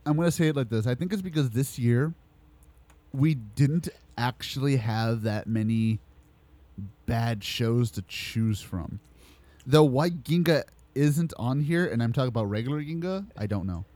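A man hosting a casual podcast, swearing, laughing often and slowing down to announce award results. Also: mid-range voice, animated, dark tone, no echo. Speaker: podcast host.

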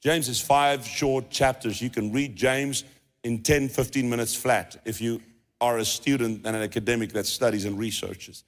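In a church hall full of long reverb, a male pastor with a South African English accent preaches conversationally, restarting and repeating phrases. His mid-range voice holds a steady tone at a moderate pace.

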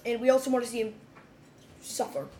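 A woman's voice: on the high side, steady tone, brisk, mellow, a little hiss or hum. A young woman co-hosting a podcast in casual chat, giggly, chatty and easily grossed out. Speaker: podcast co-host.

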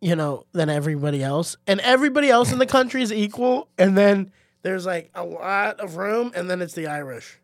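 A young man with a high, light voice in casual comedy chat, delivering outrageous jokes deadpan and rambling through asides. The sound is very dry and close, with no room behind it. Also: brisk, no room sound. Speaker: podcast co-host.

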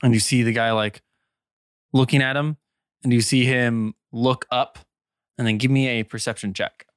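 A man narrating as game master of a tabletop game in a relaxed way, with many fillers. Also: medium pitch, normal speed, clear, resonant tone, no room sound, clean studio sound.

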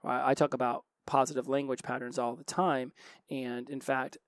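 Man, solo podcast host, quick speech, frequent restarts, dry close sound. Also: mid-range voice, level tone, no echo. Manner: fast-talking, with frequent restarts. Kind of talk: solo self-help podcast monologue.

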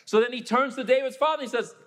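A man preaching a sermon, telling a story and acting out the people in it, then turning quiet and low for a personal confession. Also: racing. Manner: storytelling, acts out the people he quotes.

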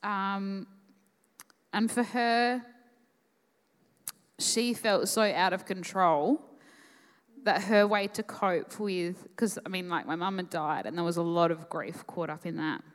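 A young Australian woman telling a personal story on a conference stage, emotional and halting, full of fillers. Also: fairly low pitch, steady tone. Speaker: conference guest speaker. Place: live conference hall. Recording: echoey hall.

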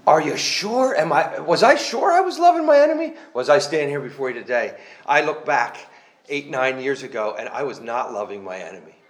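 A man's voice: mid-range voice, sing-song, fairly quick. A man giving a personal testimony to a church congregation, earnest and conversational, with self-mocking humor and a rambling way of restarting his sentences.

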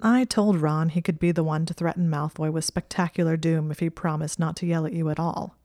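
Brief: steady supportive young man wizard, woman narrator's own voice, storybook. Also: sits low, a little fast, no echo, clean studio sound, natural voice. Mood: earnest.

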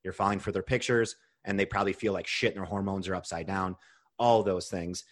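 A young man with a low voice hosts a podcast as a nutrition coach, speaking a little fast. He talks casually and animatedly, ranting and swearing freely.

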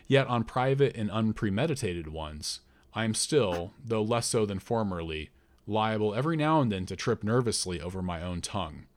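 A man reading a first-person story aloud in a measured, deliberate narrating voice. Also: lowish voice. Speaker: audiobook narrator.

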